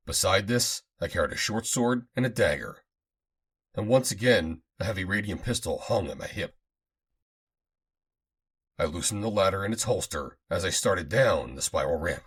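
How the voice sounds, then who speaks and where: A man reading a first-person adventure audiobook aloud, in a dramatic, expressive manner. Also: sits low, husky. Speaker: audiobook narrator.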